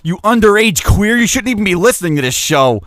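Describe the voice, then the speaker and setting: A man's voice: sits high, big pitch swings, fairly quick, fairly bright tone, no room sound, clean studio sound. Crude, mocking man hosting a radio show. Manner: crude, mocking, profane banter. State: allergy attack, sneezing and nose-blowing. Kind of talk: casual internet radio talk reading listener messages.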